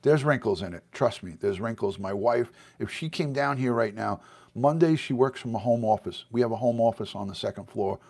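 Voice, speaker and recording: A man's voice: medium pitch, a little fast, a little mellow. A middle-aged American man chatting casually on a livestream from his home basement, answering viewer comments as he goes. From United States. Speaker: livestream host. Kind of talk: casual live-stream chat.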